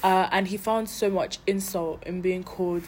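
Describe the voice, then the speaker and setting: Low-voiced woman host explaining. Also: steady tone, a little mellow. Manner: explanatory, measured. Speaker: podcast host. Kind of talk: podcast interview. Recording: faint background noise.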